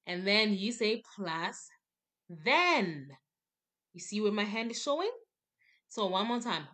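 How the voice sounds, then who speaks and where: Woman teacher going over grammar real slow, repeats everything, mid-pitched voice. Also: animated, bright, forceful tone. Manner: patient, repetitive, emphatic explanations. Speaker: English teacher. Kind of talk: classroom grammar lesson.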